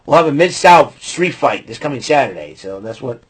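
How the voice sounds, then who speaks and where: Husky-voiced man recapping wrestling. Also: medium pitch, lively intonation, normal speed. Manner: rambling and opinionated, heavy on fillers. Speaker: podcast host. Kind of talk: casual wrestling show recap.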